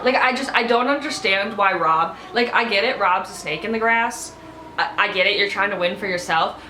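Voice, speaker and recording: Sarcastic woman recapping in a bright, echoey voice. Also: mid-range voice, a little hiss or hum. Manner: sarcastic, blunt, swears freely. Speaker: reality TV recapper. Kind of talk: casual opinionated recap. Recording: echoey room.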